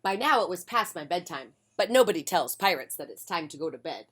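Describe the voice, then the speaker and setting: A woman reading a children's picture book aloud on a porch, with a gentle, friendly delivery. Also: lowish voice, expressive, fairly quick, slightly rough. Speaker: children's storyteller.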